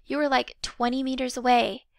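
A woman reading the lines of a cocky, easygoing schoolboy who talks in a relaxed, smug way. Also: sits high, moderate pace, gravelly, dry recording. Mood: friendly.

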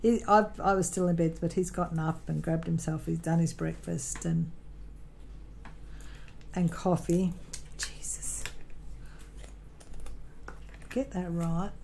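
An Australian woman chats at her craft desk at home, her voice sitting a little low. She rambles through a personal story, full of ums, restarts and corrections. A faint hiss hangs behind her. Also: steady tone, takes it slowly, creaky, long pauses, darkish tone, poor audio. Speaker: crafting vlogger. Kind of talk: casual chat while crafting.

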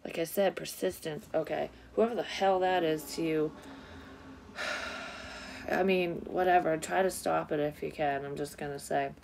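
Low-voiced woman doing a blunt psychic reading. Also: fairly even intonation, a little slow, vocal fry, a little mellow, slight background noise. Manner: blunt, profane, rambling. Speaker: psychic reader. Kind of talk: casual tarot-style reading.

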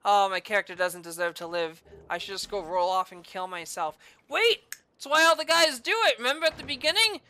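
A woman giving casual gameplay commentary as a let's play host, loud and exclamatory, swearing heavily. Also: medium pitch, animated, a little fast.

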